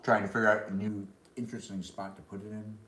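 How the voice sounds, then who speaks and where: A man's voice: fairly low pitch, level tone, fast, reverberant, background noise. A man chatting casually on a live stream while eating dinner, reading and answering chat comments between bites. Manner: talks between bites of food.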